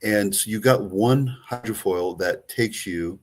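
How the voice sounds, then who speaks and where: A man's voice: on the low side, a little slow. A man with a Greek accent co-hosting a travel chat, rambling with lots of fillers and restarts. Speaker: co-host, travel agent. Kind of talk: casual chat.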